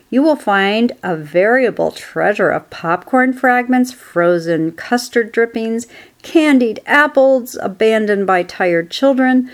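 A woman voicing a wise old sheep in a storybook reading, relishing and persuasive. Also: mid-range voice.

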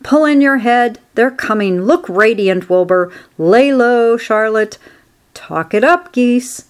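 Bossy old farm sheep, brisk commands, storybook, read by a woman. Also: fairly high pitch, animated, clean tone.

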